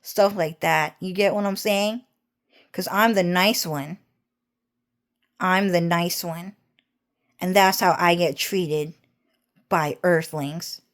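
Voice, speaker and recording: Slow-talking young woman telling a rambling story. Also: lowish voice, fairly even intonation. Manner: meandering, repeats herself, swears often, laughs while talking. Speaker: vlogger.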